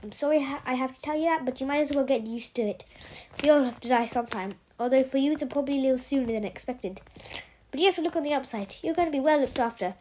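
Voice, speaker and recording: Commanding, matter-of-fact storybook doctor, a middle-aged man voiced by a woman, higher than usual. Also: fast, dark tone, slight background noise, close to an everyday voice. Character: blunt scruffy middle-aged male doctor.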